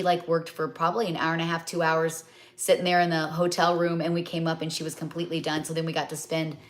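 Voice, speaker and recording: A middle-aged woman rambling in a chatty way as she hosts a live cooking stream. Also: on the low side. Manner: chatty and rambling, many fillers and asides. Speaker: cookbook author hosting a live cooking stream. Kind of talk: casual live cooking chat.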